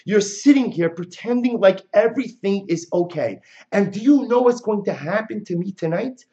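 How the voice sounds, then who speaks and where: A man's voice: high-pitched, lively intonation, moderate pace, dark tone, lo-fi sound, pitched above the performer's own voice. A man voicing an outraged young bride who fires accusing questions at the crowd around her. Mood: indignant. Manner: indignant, accusing rhetorical questions.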